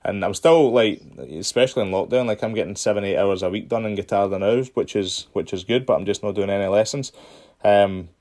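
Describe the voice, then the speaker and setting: A Scottish podcast host with a fairly low voice, talking in an earnest, chatty way. He circles back and repeats his points as he gives advice. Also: a little fast, a little mellow. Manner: earnest, repeats himself when giving advice. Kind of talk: casual chat.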